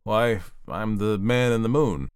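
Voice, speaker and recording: A man's voice: fairly low pitch, lively intonation, measured pace, a little mellow, smooth, no room sound, studio quality. A man voicing a bewildered, polite man who has fallen from the moon, answering meekly in a storybook reading.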